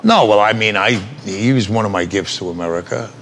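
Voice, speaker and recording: A man's voice: lowish voice, brisk, a bit bright, a little hiss or hum. An older man, an actor being interviewed, telling rambling, salty stories and laughing as he goes. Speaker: actor guest. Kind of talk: casual anecdotal storytelling.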